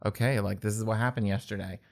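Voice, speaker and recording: A man telling his personal faith story in an earnest, halting way, with many restarts. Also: on the low side, fairly even intonation, gravelly. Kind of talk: personal testimony in conversation. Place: indoors at a table.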